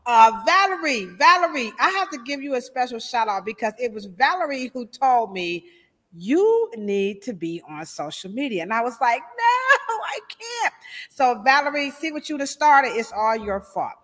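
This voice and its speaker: A woman's voice: fairly high pitch, moderate pace. Woman, live-stream host, chatty, playful, reverberant room. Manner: chatty, animated shout-outs with playful asides. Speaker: hairstylist hosting a live show. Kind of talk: casual live-stream chat.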